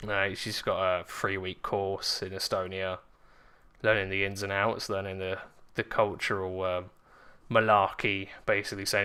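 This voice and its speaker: A man, candidly telling a personal story in a vlog, halting with fillers and swearing often. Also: deep voice, level tone, pushed and bright, smooth. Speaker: vlogger.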